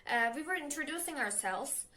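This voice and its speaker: A young woman with a Turkish accent, a Turkish native speaker, chatting nervously in a casual advice vlog, halting with many fillers and self-corrections. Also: high-pitched, animated, pushed and bright. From Turkey. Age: young adult. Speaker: language learner vlogger.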